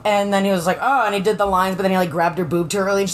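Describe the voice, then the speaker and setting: A woman's voice: medium pitch, steady tone, a little hiss or hum. Laid-back woman podcast co-host. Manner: laid-back, quotes characters in quick asides. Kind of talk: casual book-recap chat.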